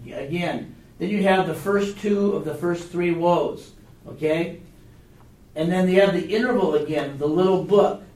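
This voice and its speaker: A man's voice: high voice, a little slow, a little mellow. Man teaching a Bible class. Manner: conversational, checks in with rhetorical questions. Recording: echoey room, mic far off.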